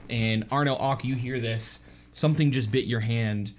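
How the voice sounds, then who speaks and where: A man's voice: medium pitch, moderate pace. A man narrating as dungeon master, loose and full of fillers. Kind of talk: narrating a tabletop game.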